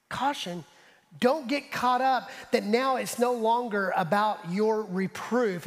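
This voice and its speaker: High-voiced animated preaching man. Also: big-room sound. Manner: animated preaching, drops to soft asides; talks straight to the congregation. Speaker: pastor. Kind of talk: sermon. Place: church sanctuary.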